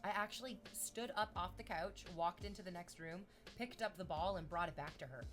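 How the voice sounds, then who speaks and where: A woman's voice: fairly low pitch, brisk, a little hiss or hum. Foul-mouthed chatty streamer woman. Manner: swears freely in relaxed chatter; reads viewer comments aloud. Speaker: livestreamer. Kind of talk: casual livestream chat.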